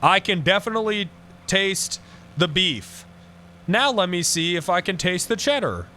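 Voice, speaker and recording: A man streaming a roleplay game in character, ranting excitably and swearing a lot. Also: sits high, measured pace, a little hiss or hum. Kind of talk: casual in-character roleplay chat.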